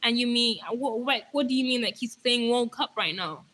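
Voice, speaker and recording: A woman's voice: fairly high pitch, moderate pace, a bit bright, poor audio. A young woman from Nigeria chatting casually on a live stream, hyper and talkative, reading viewer comments aloud.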